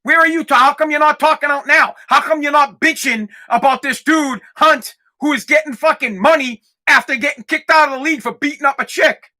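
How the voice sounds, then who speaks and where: A man's voice: extremely high pitch, brisk, hardly any pauses, pushed and bright. A young adult man hosting a podcast, ranting in a heated, profane way and repeating words when worked up. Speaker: podcast host. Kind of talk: casual ranting monologue.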